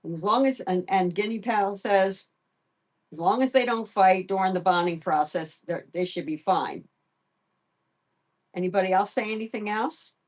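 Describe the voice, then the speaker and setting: A middle-aged woman hosting a home live stream, softly sweet-talking her pet and chatting casually with viewers. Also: mid-range voice, normal speed. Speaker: pet livestream host.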